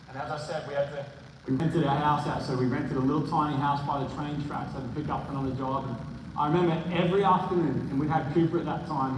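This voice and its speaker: An Australian man preaching a sermon, telling a story with lively delivery and acting out the voices he quotes. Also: a little high. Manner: animated, acts out quoted voices. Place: large church hall. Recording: echoey church hall, distant mic, background noise.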